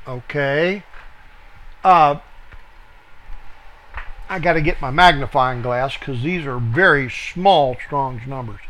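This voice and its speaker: A man teaching a verse-by-verse Bible study, slow and deliberate, pausing to spell out words and correct himself. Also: a little high, lively intonation, bright, forceful tone.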